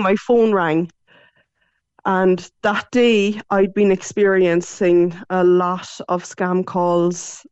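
A woman's voice: lowish voice, darkish tone, no echo. An Irish woman in her forties chats on a radio show, telling a story with emotion and slipping into other people's voices. Her voice comes through a dull, muffled line. The sound is dry and close. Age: 40s. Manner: chatty, emotional, quotes others often. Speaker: radio guest. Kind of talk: casual storytelling chat.

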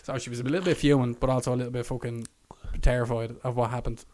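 A man's voice: mid-range voice, little pitch movement, fast, crowd noise. A young Irish man co-hosting a podcast, telling a long story in casual chat, swearing, laughing and putting on voices for the people in it. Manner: swearing, laughing, acts out quotes in a raised voice. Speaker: podcast co-host.

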